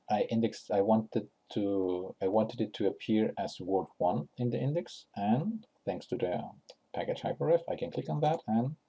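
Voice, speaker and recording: Slow, gravelly-voiced man explaining software. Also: on the low side, dull audio. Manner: unscripted, many fillers and restarts, thinking aloud. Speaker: tutorial host. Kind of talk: screen-recorded software tutorial.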